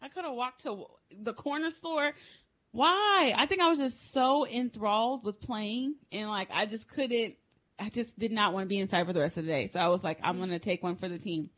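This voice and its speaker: A young woman co-hosting a podcast, telling a crude story with loud laughter and lively, animated storytelling. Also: a little high, brisk. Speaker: podcast co-host. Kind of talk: casual chat.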